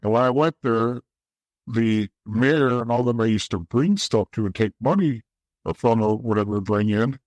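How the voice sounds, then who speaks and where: A man's voice: mid-range voice, moderate pace, a little mellow, no room sound. A man from the East Coast, a guest in an interview, telling his story candidly in a blunt, profane way that often restarts. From East Coast of the United States.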